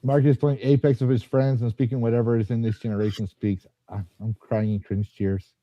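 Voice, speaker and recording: A man's voice: medium pitch, level tone, fairly quick, dry recording. A man hosting a podcast in casual chat, rambling and joking, often stopping to restart his sentences. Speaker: podcast host. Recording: slightly dull, dry sound.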